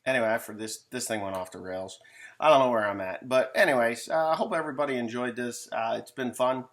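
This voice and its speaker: A man's voice: medium pitch, fast, a bit bright. A man who farms and talks in a casual, rambling monologue with jokes and frequent asides. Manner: joking, rambling, self-interrupting. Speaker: farmer vlogger.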